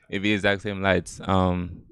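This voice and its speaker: A Gambian stand-up comedian with a Gambian accent does a loose, profane set on an outdoor stage under string lights, laughing at his own jokes. His voice is low-pitched with a fairly bright, clean tone, and the studio-quality audio has no echo.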